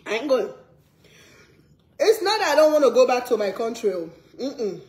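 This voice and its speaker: A woman's voice: on the high side, sing-song, normal speed, a little mellow, echoey room. Earnest Sierra Leonean woman vlogging. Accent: Sierra Leonean English. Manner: earnest, emphatic, repeats phrases. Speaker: cooking vlogger. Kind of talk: casual vlog talk to viewers.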